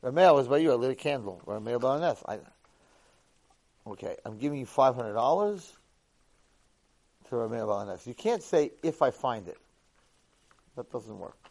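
A man giving a Torah lecture who tells a lively first-person story. He acts out the dialogue and swings between hushed and loud delivery. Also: medium pitch, normal speed, pauses often.

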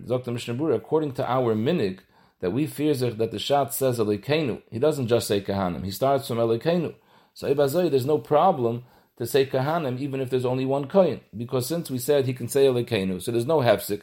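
Speaking fast in a mellow, medium-pitched voice, a man teaches a halachic lesson as a Torah teacher. He walks through it step by step, sprinkling Hebrew and Yiddish terms into English.

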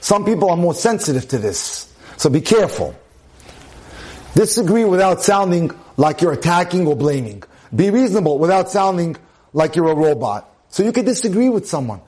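In a relationship lecture, this rabbi leads a Torah class with emphatic delivery, repeated phrases for stress, and scattered Hebrew terms. His voice is high-pitched and mellow.

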